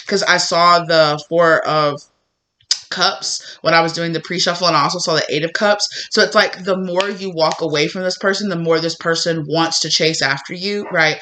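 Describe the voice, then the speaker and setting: A man with a slightly rough voice giving an animated tarot reading, acting out imagined conversations as he goes. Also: on the high side. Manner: animated, acts out imagined dialogue in quick bits. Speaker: tarot reader.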